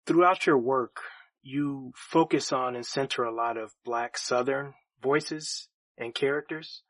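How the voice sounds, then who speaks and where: A man hosting a podcast interview who asks questions in a calm, attentive way. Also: medium pitch, a little slow, no room sound. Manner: calm and attentive, with short backchannel hums. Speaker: podcast host.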